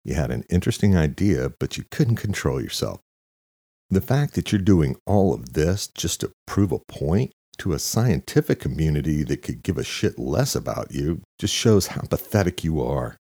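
A man doing a flatly sarcastic tough guy. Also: extremely low pitch, moderate pace, creaky, husky, no echo, studio quality, heavily acted. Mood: cutting. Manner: flat, cutting sarcasm.

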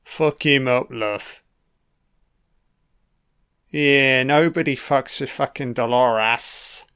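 A man's voice: mid-range voice, extremely slow, a bit bright, clean tone. A man giving a casual, profanity-filled commentary on a film, reacting to scenes as they play. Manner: heavy swearing, chatty reactions.

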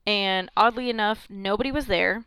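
A woman's voice: medium pitch, normal speed, a bit bright, clear, resonant tone, no room sound. A woman co-hosting a podcast, telling a story in casual chat, rambling with many "um" and "like". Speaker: podcast co-host.

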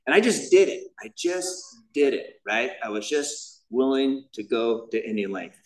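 A man's voice: medium pitch, lively intonation, moderate pace, hardly any pauses. A man shares his recovery story before a meeting, loose and self-deprecating, dropping "man" and "you know" as he goes. His voice sits in an ordinary middle register. The mic catches him from a distance in the meeting room.

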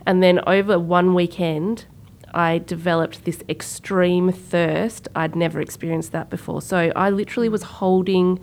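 A woman's voice: on the low side, moderate pace. A woman, co-hosting a podcast and telling a personal story in casual talk, acting out the voices of people she quotes. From Sri Lanka. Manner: animated, acts out quoted voices. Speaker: podcast co-host.

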